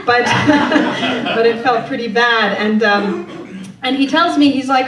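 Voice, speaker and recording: A woman's voice: medium pitch, slow pace, fairly bright tone, a little hiss or hum. A woman from Poland, telling a true story live on stage in a wry, conversational way, often laughing as she talks. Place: theater stage before an audience. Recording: echoey room, distant mic, faint ambience.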